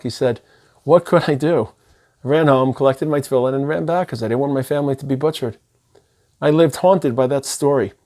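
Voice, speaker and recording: A man's voice: medium pitch, a little mellow. A middle-aged man, a rabbi giving an earnest, emphatic sermon sprinkled with Hebrew and Yiddish terms.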